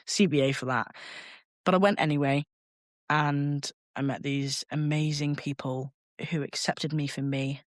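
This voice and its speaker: A young man, a podcast guest telling a personal story in a candid, halting way, swearing casually. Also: a little high, fairly even intonation, no room sound, studio quality.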